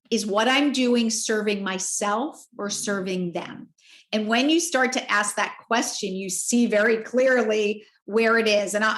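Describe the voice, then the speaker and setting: A candid woman in her forties tells a personal story as a podcast guest, her voice sitting a bit high. She talks in an expressive, heartfelt way. The room around her gives a noticeable echo. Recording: roomy echo.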